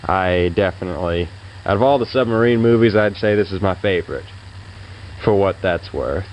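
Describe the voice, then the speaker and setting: Low-voiced man rambling through movie reviews. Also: moderate pace, darkish tone, slight background noise, rough recording. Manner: rambling, hesitant, lots of fillers; offhand, laid-back opinions. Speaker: film reviewer. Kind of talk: casual spoken reviews.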